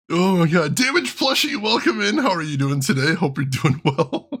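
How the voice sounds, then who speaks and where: A man's voice: sits high, sing-song, normal speed, fairly bright tone, slightly rough. A man hosting a let's play, joking through casual game commentary, greeting chat and laughing often.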